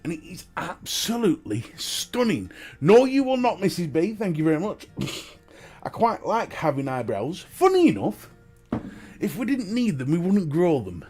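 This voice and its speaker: Northern English male host, lively chatty live-stream delivery, slightly high pitch, quiet music underneath. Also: unhurried. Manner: chatty, animated, laughs often. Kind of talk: casual live-stream chat, greeting chat viewers.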